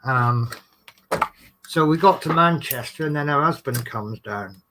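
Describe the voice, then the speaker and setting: A chatty man rambles through stories about his bus shifts and breaks off to greet people in the chat. His voice sits at an ordinary middle pitch. A faint hiss and small clicks run under his talk. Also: measured pace. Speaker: bus driver and streamer. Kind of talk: casual storytelling to live chat. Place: indoors at home, crafting in the dark.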